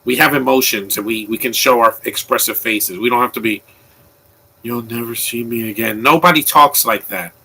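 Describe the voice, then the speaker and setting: Bright-voiced man rambling through film commentary. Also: mid-range voice, a little fast, hardly any pauses, husky, low-quality recording. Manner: rambling and opinionated, with frequent restarts. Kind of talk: casual live movie commentary.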